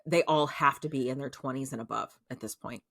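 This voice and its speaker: A woman's voice: very deep voice, a little fast, fairly bright tone, husky, no room sound, studio quality. A woman co-hosting a podcast, rambling casually through a show recap with lots of fillers. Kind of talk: casual chat.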